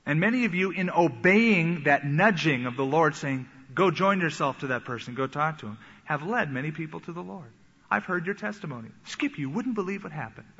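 A man preaching a sermon, animated and acting out the voices he quotes. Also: a little high, a little fast, breathy edge. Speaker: pastor. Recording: echoey hall, dull sound.

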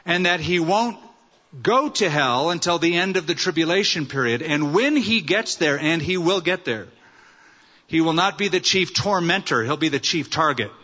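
Man, pastor, sermon, earnest, rhetorical questions, bright, dull recording, long church reverb. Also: fairly high pitch, lively intonation, normal speed.

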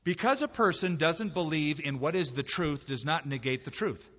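A man preaching a sermon as pastor, in a lively, conversational way with emphatic rises and quoted voices. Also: fairly high pitch, normal speed, big-room sound, highs cut off. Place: church sanctuary.

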